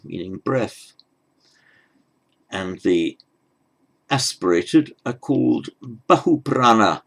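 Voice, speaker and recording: A man with a low voice gives a pronunciation lesson at an unhurried, deliberate pace. He patiently sounds out each consonant and repeats it so the learner can follow. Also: creaky, a bit bright, poor audio. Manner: patient, demonstrates sounds slowly and repeats them. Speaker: teacher.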